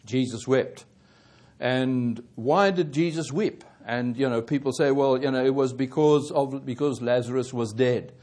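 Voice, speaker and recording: Halting man preaching a sermon. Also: medium pitch, a little mellow. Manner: halting, with many fillers and self-corrections.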